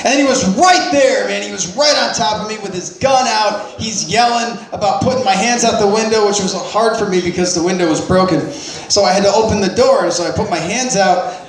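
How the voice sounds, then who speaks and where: A man with a notably high voice spins a rambling, profane story about himself. He laughs at his own mistakes and restarts his sentences often. The sound is roomy and echoey. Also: fairly quick. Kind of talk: personal storytelling.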